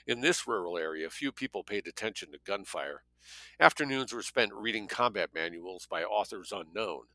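A man's voice: on the low side, lively intonation, normal speed, sharp tone, dry recording. A man narrating a thriller audiobook in a plain reading voice, now and then dropping offhand asides of his own. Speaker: audiobook reader.

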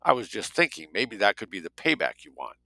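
A man voicing a direct, probing male companion in an audiobook, with a gravelly voice. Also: on the low side, very animated, a little fast, pushed and bright, no echo, exaggerated voice.

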